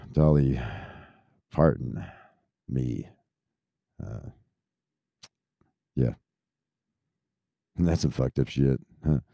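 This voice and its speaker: A man's voice: extremely low pitch, drawn-out words, creaky, long pauses, mellow, dry recording. A man in his thirties who grew up in Texas, ranting casually in a rambling, profane stream. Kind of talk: casual rant.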